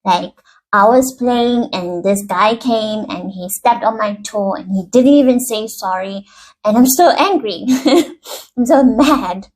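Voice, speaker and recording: A woman's voice: mid-range voice, unhurried, lightly acted, poor audio. A woman doing an upset little kid. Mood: indignant. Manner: indignant, repetitive complaining. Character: upset young child complaining to mommy.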